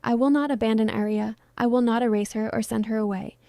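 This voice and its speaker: A woman voicing a powerful, protective male vampire king who speaks sternly and with quiet threat. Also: fairly high pitch, steady tone, fast, vocal fry, clear, resonant tone, no room sound, clean studio sound. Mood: menacing.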